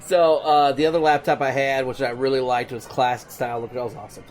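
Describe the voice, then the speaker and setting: A man's voice: mid-range voice, fairly even intonation, a little mellow. A man co-hosting a podcast in casual chat, laughing often and restarting sentences. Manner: laughs easily, halting restarts. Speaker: podcast co-host.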